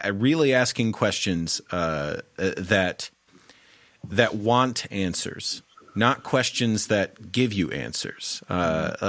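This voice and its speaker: Male podcast host, lowish voice, slow, halting delivery. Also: fairly bright tone, dry recording. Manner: halting, searching for words with many pauses. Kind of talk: podcast interview conversation.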